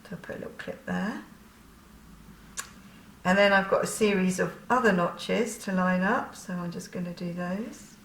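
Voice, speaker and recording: A woman's voice: on the low side, normal speed, a bit bright, reverberant, slight background noise. A woman chatting through a sewing tutorial, laughing often and poking fun at herself.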